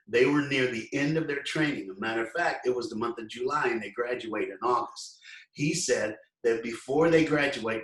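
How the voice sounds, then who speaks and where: A man giving a motivational speech, telling a story with lively acted-out quotes and talking straight to the listeners. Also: mid-range voice, roomy sound, far from the mic, rough recording. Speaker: motivational speaker.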